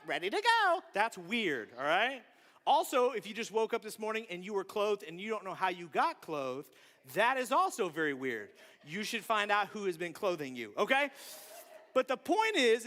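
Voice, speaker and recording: A man in his thirties preaching a sermon, chatty and animated, talking straight to the congregation with quick asides. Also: high-pitched. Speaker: pastor. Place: church hall. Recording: long hall reverb.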